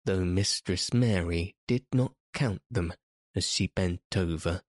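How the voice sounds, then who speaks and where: A male audiobook narrator reads scripted material in a deep, slow voice. The recording is dry and of studio quality.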